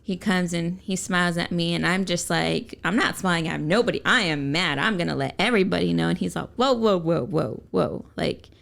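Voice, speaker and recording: A young woman co-hosting a faith-based chat, telling animated personal stories and laughing often. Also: lowish voice, brisk, creaky, few pauses. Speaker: co-host. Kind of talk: casual storytelling chat.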